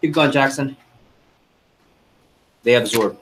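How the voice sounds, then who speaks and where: A man's voice: mid-range voice, takes it slowly, a bit bright, slight background noise, poor audio. A man running a sales training seminar, coaching the group and firing questions at them.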